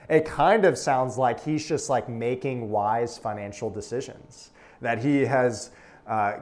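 A man's voice: mid-range voice, darkish tone. A young man, preaching a sermon to a room in a conversational, folksy way with asides.

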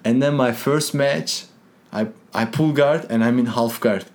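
Animated man telling a fight story. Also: mid-range voice, unhurried, a little hiss or hum. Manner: animated, acts out quotes, non-native grammar. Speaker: guest, jiu-jitsu competitor. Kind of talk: casual storytelling interview.

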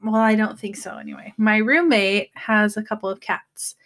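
A woman's voice: mid-range voice, normal speed. A young woman in casual chat, telling a story with lots of acted-out quotes. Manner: animated storyteller acting out quotes.

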